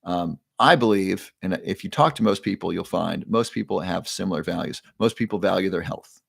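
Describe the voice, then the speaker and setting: A man's voice: sits low, normal speed, vocal fry, slightly rough, no echo, studio quality. A man hosting a live online show, leading viewers through a breathing exercise in an upbeat, chatty way that keeps prompting the audience.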